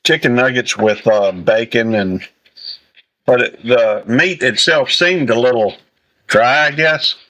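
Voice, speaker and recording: A man hosting a casual livestream while eating, talking in a rambling, halting way full of fillers and restarts. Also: medium pitch, pushed and bright, poor audio. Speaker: livestream host.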